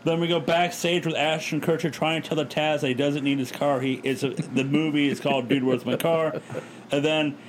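A man with a somewhat high voice talks through a recap in a loose, joking way. He co-hosts a casual chat podcast. A faint hiss sits under the recording. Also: steady tone. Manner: recaps quickly, joking, acts out quotes. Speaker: podcast co-host recapping wrestling.

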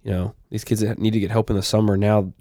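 Mellow-voiced young man reading news casually. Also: lowish voice, level tone, quick pace, dry recording, studio quality. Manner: reads news items aloud with asides and filler. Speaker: podcast co-host.

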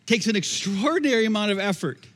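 Preaching quickly and expressively, a man with a high, slightly bright voice delivers a conversational sermon as pastor, repeating phrases. It's recorded in a church sanctuary with long echoey reverb.

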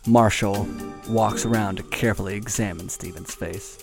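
A man hosting and narrating a comedic script read-through, brisk and wry. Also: fairly low pitch, fairly even intonation, vocal fry. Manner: brisk, wry, profane asides. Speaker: narrator and host. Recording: guitar music bed under voice.

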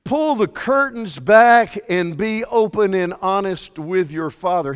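A man preaching a sermon, swinging from fervent, raised delivery to quiet asides while reading scripture. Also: sits high, expressive, slow pace, clear, resonant tone, in a large hall. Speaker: pastor.

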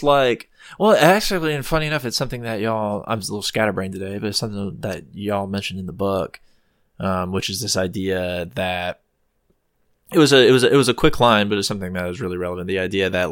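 A man hosts a podcast, thinking out loud in a rambling, hesitant flow full of ums and restarts. His voice sits fairly low. The sound is close and dry. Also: no echo. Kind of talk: casual chat.

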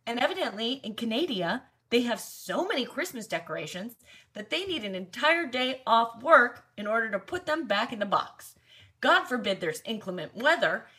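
A woman's voice: a little high, sing-song, moderate pace, pushed and bright, breathy edge. A young woman co-hosting a podcast, chatting casually with dry, joking storytelling. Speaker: podcast co-host. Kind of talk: casual chat.

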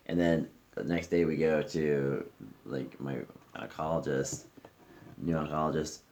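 A man's voice: rumbling low, steady tone, a little slow, a little mellow, a little hiss or hum. A man hosting a podcast, talking candidly in a casual conversation in a friend's living room, swearing freely and trailing off with fillers. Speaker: podcast host.

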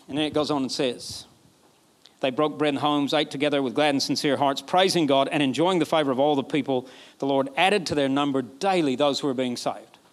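Emphatic pastor, fairly high voice. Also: male voice. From Alabama, USA. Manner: emphatic preaching, repeats phrases, rising to excited peaks. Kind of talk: sermon.

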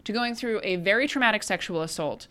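A woman's voice: medium pitch, animated, quick pace, sharp tone. A woman co-hosting a casual movie recap, critical and blunt, swearing casually. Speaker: podcast co-host.

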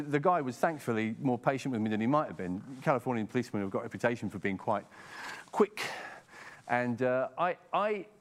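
A middle-aged Englishman with an English accent preaching a sermon in a conversational way, often repeating words as he starts a sentence. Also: fairly high pitch. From England.

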